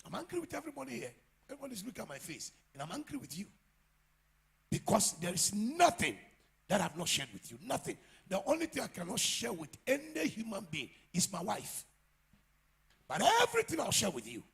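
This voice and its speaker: A man with a Ghanaian English accent preaching a sermon as pastor, swinging from quiet asides to loud shouts. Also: high voice, sing-song, fairly quick, vocal fry, slightly rough. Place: church.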